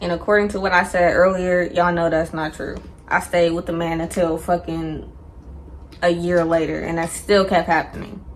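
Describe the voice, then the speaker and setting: Animated young woman telling a storytime. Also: lowish voice, normal speed, slight background noise. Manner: animated, slangy, acts out quotes. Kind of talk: casual storytime.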